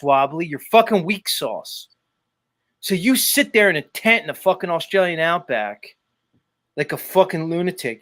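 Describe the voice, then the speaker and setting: Man, podcast host, swears a lot, ranting and goading, fairly high voice. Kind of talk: casual chat.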